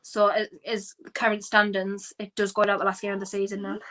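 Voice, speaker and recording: A woman's voice: medium pitch, completely flat delivery, a little fast, a bit bright, slight background noise. A woman hosting a live football watchalong, ranting in exasperation with frequent sighs as she reacts to the match.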